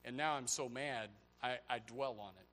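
A pastor preaching a sermon, swinging from loud, high outbursts to low, quiet stretches. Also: male voice, normal speed. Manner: animated preaching, voice rising to near shouts and dropping low.

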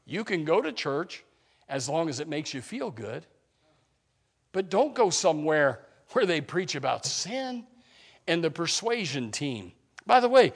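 A man preaching a sermon, swinging from quiet asides to loud, impassioned preaching, with halting restarts and repeated words. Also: a little high, creaky, slightly rough.

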